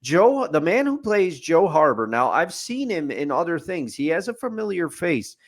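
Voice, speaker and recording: In a studio, a podcast co-host gives an opinionated, rambling movie review, chatting casually with fillers and restarts. His voice is fairly high and sing-song, moving at a moderate pace.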